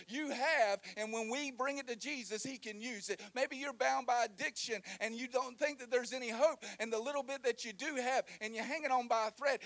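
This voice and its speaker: A man preaching a lively sermon, joking and calling the congregation to repeat lines. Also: very high voice. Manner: animated, joking, call-and-response with congregation. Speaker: pastor.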